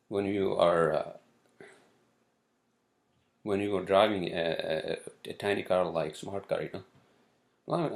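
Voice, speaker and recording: Exasperated gravelly-voiced man ranting. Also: fairly low pitch. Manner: exasperated, swears often, many fillers and restarts. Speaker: vlogger. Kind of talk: casual ranting monologue. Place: city where he lives.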